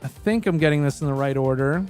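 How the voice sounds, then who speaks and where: A man's voice: on the high side, fast talker, a little mellow, soft background music. A Canadian man in his thirties, chatting casually and rambling through his past jobs, swearing freely and correcting himself as he goes. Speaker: streamer.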